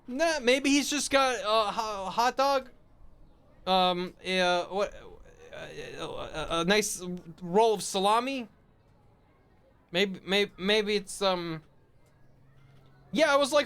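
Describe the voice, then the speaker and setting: A young man streaming a game, reacting in a goofy, excitable way. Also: sits high, takes it slowly, long pauses, clear, resonant tone.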